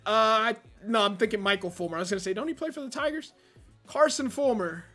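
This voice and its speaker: A young man commenting on his own baseball video game, rambling and frustrated, venting with sudden loud outbursts. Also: sits high, fast, faint music behind. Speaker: gaming YouTuber. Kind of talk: casual gameplay commentary.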